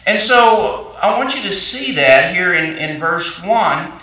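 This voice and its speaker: A man's voice: high-pitched, expressive, slow, pushed and bright. A male pastor preaching a sermon, folksy storytelling with fillers and restarts. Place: church sanctuary. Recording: echoey church hall, mic at a distance.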